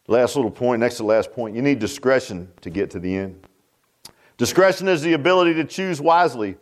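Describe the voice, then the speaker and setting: A man preaching a sermon in a folksy, emphatic way, swooping between high and low. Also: sing-song, a little fast.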